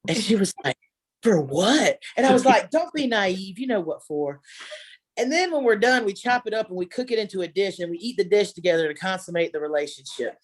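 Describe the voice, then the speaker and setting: A woman's voice: mid-range voice, expressive, a little fast. A woman doing a stand-up comedy set at home, chatty and self-mocking, laughing at her own jokes. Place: home, virtual show.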